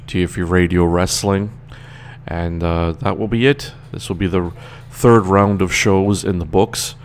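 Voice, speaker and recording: A man's voice: deep voice, steady tone, unhurried, slight background noise. A man with a Trinidadian accent hosting his own radio show in a loose, chatty monologue, tired and rambling, laughing now and then.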